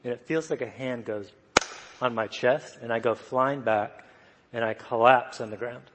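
A man preaching a sermon, telling a personal story in a soft, humorous way. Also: medium pitch, normal speed, slight background noise. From United States. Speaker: guest preacher. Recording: long reverb of a church hall.

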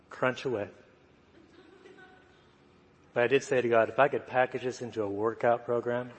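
Soft-spoken man preaching in a hall. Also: mid-range voice. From United States. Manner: soft-spoken, humorous storytelling. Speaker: guest preacher. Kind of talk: sermon storytelling. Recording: long reverb of a church hall.

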